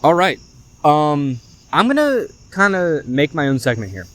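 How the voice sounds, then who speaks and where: A young man, hosting a casual sports podcast, chatty and animated, often saying "y'all". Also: on the high side, unhurried. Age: young adult. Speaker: podcast host.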